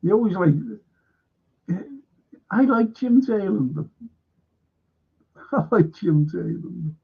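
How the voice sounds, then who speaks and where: Chatty guy, bit high-pitched, gravelly, laughs telling old film scenes. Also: lively intonation, slow pace, dull audio. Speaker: host. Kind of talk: casual chat.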